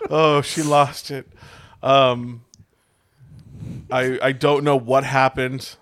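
Profane laid-back dad telling stories. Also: male voice, mid-range voice, level tone, takes it slowly, fairly bright tone, dry recording, studio quality. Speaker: podcast co-host. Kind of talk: casual chat.

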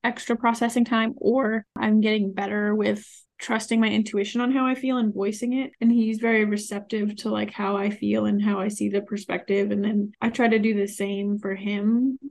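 Reflective woman with a gravelly voice. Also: medium pitch, little pitch movement, moderate pace, hardly any pauses, a little mellow. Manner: reflective, uses many fillers. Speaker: podcast co-host. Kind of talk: casual chat.

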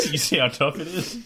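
A young man co-hosting a podcast, casually directing his friend and joking. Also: on the high side. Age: young adult. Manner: bossy, joking, laughing. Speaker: podcast co-host. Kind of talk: casual chat.

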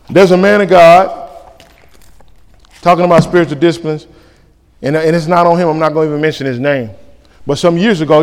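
A male pastor preaching a sermon, lively and colloquial, acting out back-and-forth dialogues. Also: on the high side. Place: church sanctuary. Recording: reverberant church hall.

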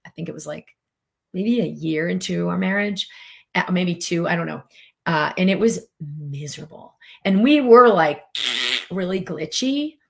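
Her voice is low-ish, unhurried and gravelly: a middle-aged podcast host talking casually and chattily, heavy on fillers, while she coaches viewers and reads out their comments.

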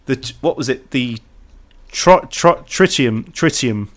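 A man's voice: mid-range voice, animated, a little slow. A man co-hosting a podcast in casual chat, rambling and cutting himself off mid-sentence. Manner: rambling, self-interrupting, laughs at own tangents. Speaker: podcast co-host.

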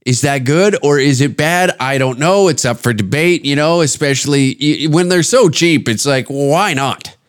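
A man's voice: a little high, normal speed, hardly any pauses, smooth. A man from Canada hosting a podcast, ranting in a crude, rambling comedic way and slipping into put-on voices. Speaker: podcast host. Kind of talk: casual comedic rant.

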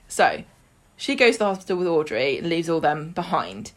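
A woman with a deep, sing-song voice speaks at a moderate pace on a podcast she co-hosts. Recapping a soap casually, she vividly retells scenes and mimics the characters, often breaking into laughter.

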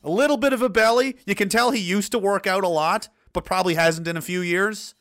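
A man's voice: high-pitched, fairly quick, a bit bright. A man hosting a casual chat, rambling, swearing and laughing as he talks. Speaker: host.

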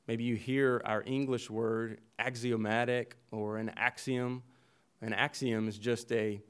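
A pastor with a mid-pitched voice preaches an earnest expository sermon, explaining the text verse by verse. He hammers points home with repeated phrases and often restarts a sentence partway through.

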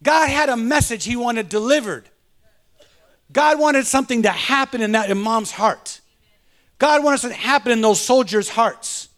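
A pastor with an extremely high, somewhat bright voice preaches at a moderate pace. His sermon includes a personal story, delivered fervently and dotted with call-outs to the congregation.

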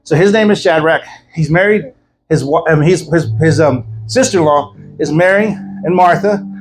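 A man preaching a sermon as an evangelist at a church service, telling stories in a lively, joking way. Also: a little high, moderate pace, over music, low-quality recording. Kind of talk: sermon with storytelling.

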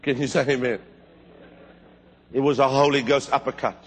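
A man's voice: steady tone, normal speed, a little hiss or hum. Fervent preacher man in echoing hall. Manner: fervent storytelling with sudden high bursts. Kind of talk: sermon. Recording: long hall reverb.

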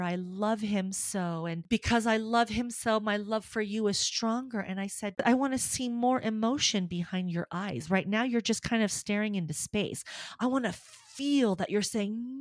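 Lively storytelling soprano woman, dry close mic. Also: mid-range voice, dry recording. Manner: animated storytelling, acts out quotes, laughs often. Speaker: guest, soprano and voice teacher. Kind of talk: casual interview chat.

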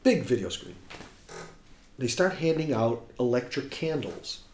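A man's voice: mid-range voice, unhurried, a little hiss or hum. A man from the United States, a musician telling a casual anecdote and acting out the people he quotes. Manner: animated storyteller who acts out quotes. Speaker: guest musician. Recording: roomy echo.

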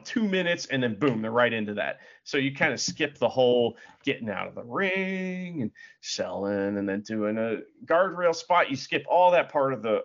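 A man co-hosting a casual wrestling chat, animated, swearing freely and acting out quotes. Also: mid-range voice. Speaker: podcast co-host. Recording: dull lo-fi audio.

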